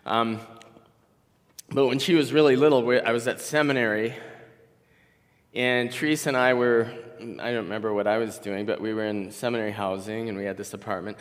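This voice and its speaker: A man's voice: mid-range voice, fairly even intonation, a little fast. Older man preaching in a reverberant hall. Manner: conversational, rambling storytelling with restarts. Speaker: guest pastor. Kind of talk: sermon.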